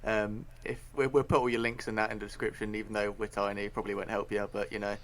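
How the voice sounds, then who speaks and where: A man's voice: on the low side, little pitch movement, fast talker. A man hosting a casual podcast, asking questions and wrapping up with an upbeat, giggly sign-off. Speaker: podcast host.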